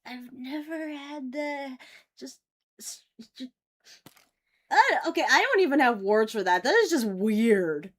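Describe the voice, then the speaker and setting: A woman's voice: sits high, animated, a little slow. A woman streamer reacting to a video in casual chat, squeamish and giggly. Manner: squeamish, easily startled, giggly.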